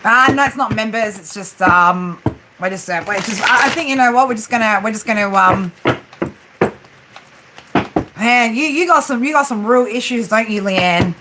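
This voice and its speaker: Australian woman, 40s, livestream host, chatty and teasing, steady rain noise in the room. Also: a little high, moderate pace. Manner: chatty, joking, tags sentences with "right?". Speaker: livestream tarot reader. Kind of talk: casual live-stream chat. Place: room with a flat roof. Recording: steady rain drumming behind her. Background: rain on the roof.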